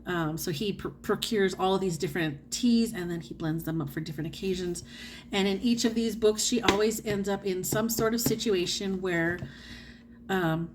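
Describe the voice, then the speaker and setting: A woman's voice: medium pitch, a little hiss or hum. A woman from the United States chatting casually about her reading as a book vlogger, correcting herself often and laughing easily. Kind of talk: casual chat.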